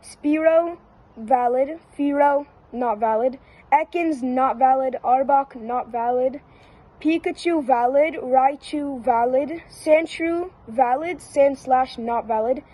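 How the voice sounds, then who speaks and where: A woman giving casual one-word verdicts down a long list, flat and repetitive with brief hesitations. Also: sits high, slow pace, rough recording. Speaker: YouTuber.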